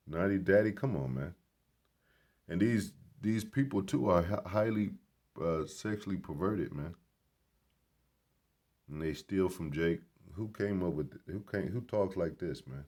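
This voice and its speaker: A vlogger with a deep, slightly mellow voice rambles casually at normal speed while filming in a grocery store. He's emphatic, preachy and blunt, and swears freely.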